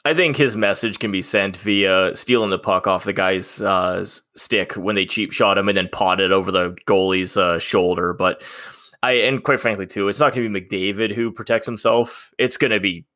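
Rambling low-voiced young man. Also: steady tone, normal speed, sharp tone, no room sound, studio quality. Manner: rambling, hesitant, laughs often. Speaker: podcast co-host. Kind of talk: casual sports chat.

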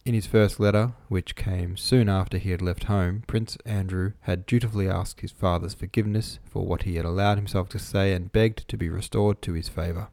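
A man narrating an audiobook in a measured, even reading voice, recorded close to the microphone. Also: deep voice, gravelly, no echo.

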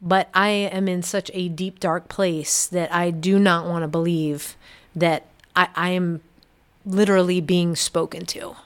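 Low, smooth-voiced woman telling her story. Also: fairly even intonation. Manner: earnest, halting, quiet and reflective. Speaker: podcast guest. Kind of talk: personal testimony.

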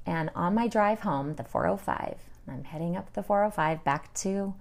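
Gravelly low-voiced woman telling her story. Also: normal speed, few pauses, darkish tone. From Utah. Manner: chatty, acts out her own past dialogue, many fillers. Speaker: interview guest. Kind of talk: casual personal storytelling.

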